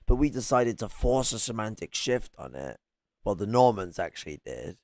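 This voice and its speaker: A man's voice: lowish voice, sing-song, normal speed, a little mellow, no room sound, studio quality. A man reacting to a video in casual commentary, mocking, swearing freely and often laughing.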